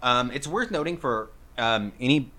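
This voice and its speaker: A man's voice: mid-range voice, animated, normal speed, bright, forceful tone. A man narrating as game master of a tabletop game, rambling with filler words.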